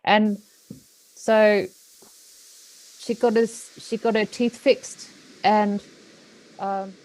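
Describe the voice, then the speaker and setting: A woman with an Australian accent, an animal communicator, telling a story in an animated way with lots of fillers. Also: medium pitch, very slow, poor audio. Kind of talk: casual storytelling.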